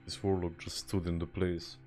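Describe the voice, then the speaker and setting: A man's voice: deep voice, little pitch movement, moderate pace, mellow, soft background music. A young man from Serbia with a Serbian accent, chatting casually on a game stream, laid-back and swearing, reading and answering viewer chat. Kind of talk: casual live-stream chat while gaming.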